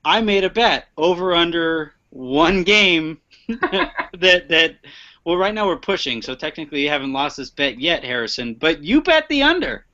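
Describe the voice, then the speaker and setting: A man's voice: on the high side, measured pace, bright, forceful tone. A man hosting a casual sports podcast, joking and laughing often, stumbling over repeated words. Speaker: podcast host. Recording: muffled lo-fi online stream.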